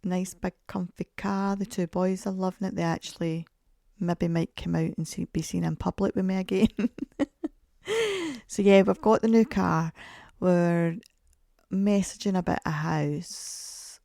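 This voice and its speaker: A woman's voice: fairly low pitch, steady tone, measured pace, gravelly, dark tone, dry recording, studio quality. A woman in her forties hosting a podcast, telling chatty, rambling, self-mocking stories. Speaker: podcast host. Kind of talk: casual podcast monologue.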